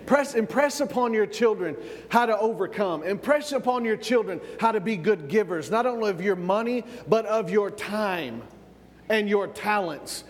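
A Southern American pastor with a high, expressive voice preaches at a moderate pace, the church giving it a big-room sound. He repeats words while building up and calls out for amens.

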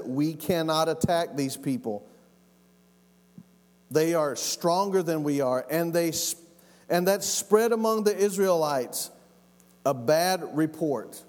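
A man preaching in a church hall, his fairly high voice carrying a long reverb. He delivers his sermon with passion and comes back to key phrases again and again to drive them home. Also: takes it slowly, a little mellow. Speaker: pastor.

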